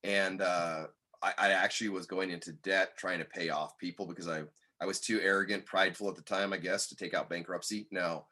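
A man guest on a podcast, telling a personal story in an earnest, candid way that turns animated when he quotes others. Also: sits low, a little fast.

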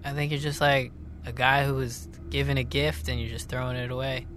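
A half-frog sidekick, voiced by a man, who talks low and flat in a mumbling deadpan. His lines come out slow and unimpressed, like nothing ever gets him going. Faint music sits under the comedy podcast. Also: natural voice.

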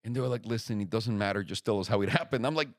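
Animated storytelling man, dry close sound. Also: fairly low pitch, racing, no echo. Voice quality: animated storyteller, swears freely, acts out quoted voices. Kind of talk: casual chat.

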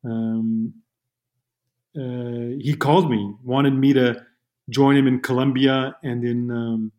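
A man's voice: medium pitch, flat delivery, takes it slowly, a little mellow. A man from Montreal, a camera operator guest, telling stories casually with lots of restarts and fillers. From Montreal, Canada. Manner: rambling, many restarts and "you know". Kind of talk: casual interview storytelling.

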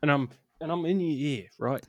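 A man's voice: medium pitch, muffled recording, close to an everyday voice. A man playing a bossy boss who leans in and lays down the law to his new driver, in an improvised comedy scene. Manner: bossy, conspiratorial, fast-talking. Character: gruff middle-aged male boss hiring a driver.

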